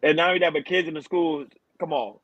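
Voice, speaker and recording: Guy hosting a podcast, casual and slangy, laughs a lot, kinda high, muffled dry audio. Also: quick pace, a bit bright, no echo. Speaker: podcast host. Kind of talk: casual chat. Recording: dull, dry recording.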